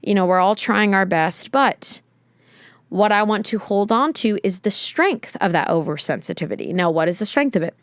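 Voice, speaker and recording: A woman's voice: medium pitch, normal speed, dry recording. Young woman, podcast host, candid solo talk, rambling, emotional, dry close recording. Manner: reflective, emotional, rambling with fillers.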